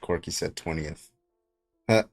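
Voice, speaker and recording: Very low-voiced man hosting a livestream. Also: unhurried, faint music behind. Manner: loose, laughing, swears casually. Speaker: livestream debate host. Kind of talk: casual livestream chat.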